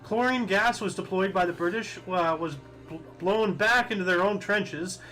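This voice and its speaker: A man's voice: sits high, moderate pace, bright, forceful tone, soft background music, low-quality recording. A young man co-hosting a history podcast, reading dates with small stumbles and joking casually. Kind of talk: casual chat.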